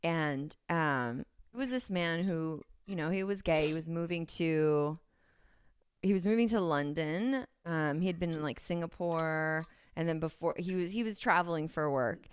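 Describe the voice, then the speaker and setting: A woman's voice: low-pitched, normal speed, clean tone. A woman with a Californian accent, a podcast guest who rambles and giggles through casual chat, full of ums. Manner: rambling, giggly, many fillers.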